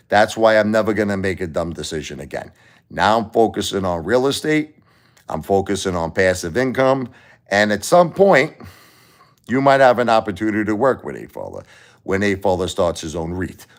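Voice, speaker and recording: A middle-aged man with a Brooklyn accent hosting a casual livestream, rambling bluntly through stories and swearing freely. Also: sits low. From Brooklyn, New York. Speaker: livestream host and musician.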